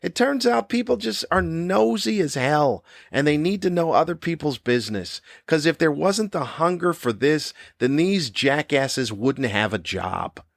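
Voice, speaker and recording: A man's voice: on the high side, animated, unhurried, gravelly, hardly any pauses, dry recording, clean studio sound. An older man hosting a comedy podcast, delivering a cranky, sarcastic rant. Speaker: podcast host.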